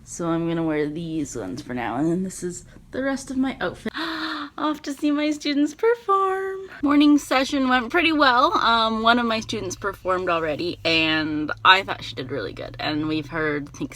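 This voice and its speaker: A young woman, vlogging in a casual, rambling chat that is full of fillers and easily excited. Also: low voice, normal speed, few pauses. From Canada. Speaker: vlogger and performance teacher.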